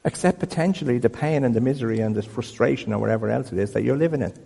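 Pastor preaching in a reverberant hall. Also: male voice, mid-range voice, racing, vocal fry, breathy edge. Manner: conversational storytelling, animated. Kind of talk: sermon. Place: church building.

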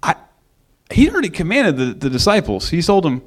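High-voiced guy preaching casually, lively, acts out the quotes. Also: a little fast. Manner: animated, acts out quoted lines. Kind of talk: conversational sermon.

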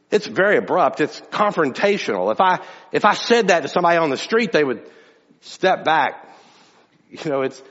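A man's voice: a little high, fairly bright tone. A man preaching a sermon to his church in a conversational, emphatic way, often restarting his phrases. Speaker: pastor. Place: church sanctuary. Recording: dull sound with long hall reverb.

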